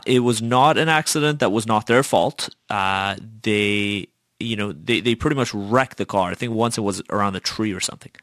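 A man's voice: mid-range voice, fairly bright tone, no echo. A young man hosting a podcast, telling a casual, chatty story full of fillers and swearing. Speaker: podcast host.

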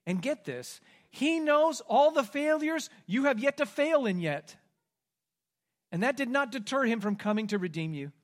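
A man preaching a sermon, swinging between loud, emphatic declarations and hushed, quiet asides. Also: very high voice, animated, moderate pace. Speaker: pastor.

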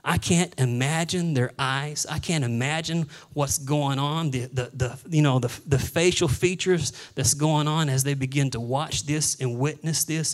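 A male pastor preaching a sermon, animated, acting out the voices of Bible figures and dropping to a hush for solemn moments. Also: a little high, rough recording. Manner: drops to a hushed voice for solemn moments.

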